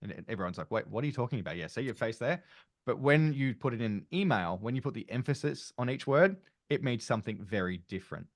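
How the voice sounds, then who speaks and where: A man's voice: medium pitch, animated, fast talker, dry recording, clean studio sound. An Australian man hosting an online panel discussion, chatty and rambling with plenty of fillers, on a video call. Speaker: panel host.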